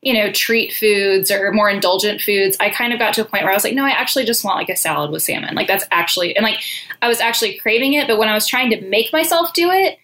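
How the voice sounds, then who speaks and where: Podcast host, woman, 30s, crisp bright tone, mid pitch, loose and talkative. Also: fast talker. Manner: chatty, frequent "like", laughs easily. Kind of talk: casual chat.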